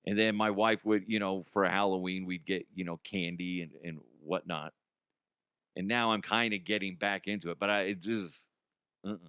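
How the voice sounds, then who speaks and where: A man's voice: sits low, fairly even intonation, normal speed, fairly bright tone, clear, resonant tone, no echo, clean studio sound. A middle-aged man hosting a comedy news show, rambling casually with profanity and lots of restarts.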